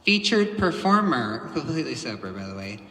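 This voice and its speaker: A man's voice: mid-range voice, big pitch swings, brisk, a bit bright. A man hosting a comedy show, giving rambling, jokey introductions between acts. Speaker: show host. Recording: reverberant live room, faint ambience.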